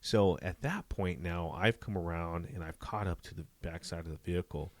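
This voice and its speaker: Deep-voiced man telling a police story. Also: normal speed, no room sound. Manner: animated, full of "you know" fillers. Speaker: police detective guest. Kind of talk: casual storytelling interview.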